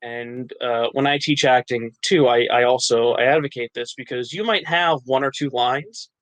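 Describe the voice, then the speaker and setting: A man's voice: medium pitch, normal speed, fairly bright tone, no echo, poor audio. Chatty self-deprecating man, dry close sound. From New Jersey. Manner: chatty, self-deprecating, laughs often, frequent restarts. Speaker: interview guest, actor and writer. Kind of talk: casual interview chat.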